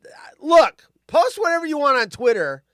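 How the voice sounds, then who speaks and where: A man's voice: very high-pitched, big pitch swings, normal speed, a bit bright, no room sound, studio quality. Grumpy, profane man hosting a stream. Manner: grumpy, profane, rambling rants. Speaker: live stream host. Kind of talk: casual live-stream chat.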